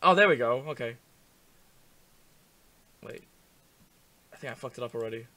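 A young man hosting a comedic game commentary, manic and goofy, swinging between loud outbursts and low breathy mutters. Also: lively intonation, normal speed. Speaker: gaming channel host.

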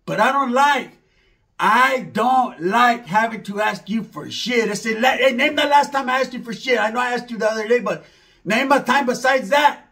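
A man's voice: very high-pitched, normal speed, pushed and bright. A man doing a rambling, slangy comedy monologue, mixing in Spanish words.

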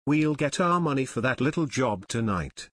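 A man's voice: mid-range voice, lively intonation, moderate pace, dry recording, close to an everyday voice. A man voicing a cocky male former guard who sneers and snaps at others, in an audiobook reading. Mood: sneering. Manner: sneering, snappish. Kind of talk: audiobook narration.

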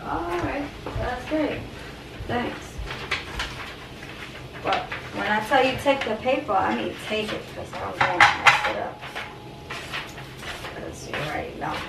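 A woman's voice: medium pitch, unhurried, gravelly, pauses often. A young woman at home, talking casually and swearing when she is angry. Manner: indignant, swearing. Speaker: prank target, channel co-host. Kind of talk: casual chat. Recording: roomy, far from the camera, noisy home.

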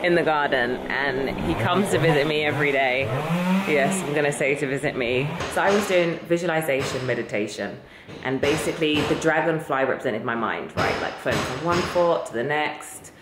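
A woman talking casually to her camera in a garden, chatty and excitable, laughing often. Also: deep voice, moderate pace. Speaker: vlogger. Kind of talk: casual home vlog. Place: outdoors in a garden. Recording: echoey with loud background noise.

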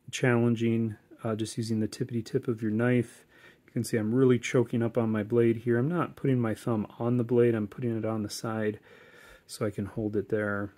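Male woodcarving instructor, casual and chatty, medium voice, home tutorial. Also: medium pitch. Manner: relaxed, chatty, corny jokes, many fillers.

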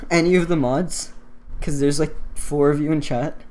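A man's voice: fairly high pitch, fairly even intonation, unhurried, a little mellow, slight background noise. An American man streaming a game, chatting casually with his chat, laughing often and swearing freely as he rambles. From United States. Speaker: gaming streamer. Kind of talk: casual live-stream chat while playing.

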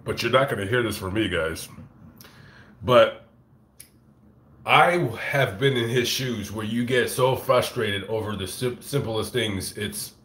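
A man telling a rambling, profane story on a casual live stream, recorded on a phone in a fast-food restaurant. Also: on the low side, reverberant. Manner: rambling, profane, animated retelling. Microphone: phone camera.

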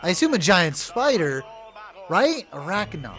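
A young man giving loud, profane let's play commentary, yelling at his game companion. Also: high-pitched, unhurried. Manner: excitable, swears loudly, yells at his companion. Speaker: gaming video creator.

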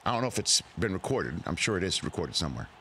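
Sports talk host, male, lively and bright, riffs with mock drama. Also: low-pitched, fast talker, slight background noise. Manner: animated, mock-dramatic, playful riffing. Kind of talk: sports talk radio monologue.

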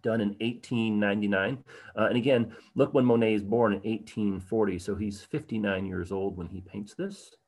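A man presenting a livestreamed art history program in a casual, conversational way, with many fillers and moments of animated emphasis. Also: lowish voice, normal speed. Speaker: tour guide presenting an online program.

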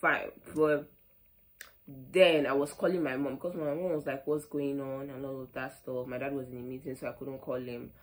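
Nigerian girl doing a storytime vlog, low voice, lots of "like", acts out who said what. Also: moderate pace, poor audio. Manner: animated, with quoted back-and-forth and frequent "like". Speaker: vlogger.

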